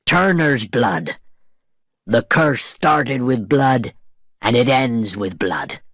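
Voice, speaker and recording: A menacing pirate captain from a read-aloud storybook, as a man puts him on. He speaks slowly and deliberately, his voice swinging up and down as he threatens. The sound is dry and close, with no room around it. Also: medium pitch, expressive, a bit bright, dry recording, heavily acted.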